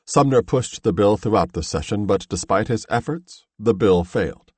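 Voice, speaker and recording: A man narrating a history audiobook in a measured, steady reading voice. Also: fairly low pitch, husky, no room sound.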